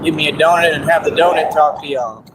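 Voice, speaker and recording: A man's voice: fairly high pitch, fairly even intonation, fast talker. A man ranting on his livestream, mocking and boastful, and laughing at his own jokes. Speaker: streamer. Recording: noisy background hiss.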